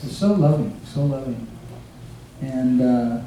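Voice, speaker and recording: A man giving an informal devotional remembrance talk, halting often with fillers and restarts as he recalls stories. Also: medium pitch, warm tone. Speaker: guest speaker. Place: devotees' home, recorded from across a room. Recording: echoey room from far off, faint hiss.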